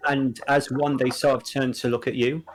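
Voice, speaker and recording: A man narrating as dungeon master in a live tabletop game, unhurried and full of filler words. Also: mid-range voice, little pitch movement, slight background noise, rough recording.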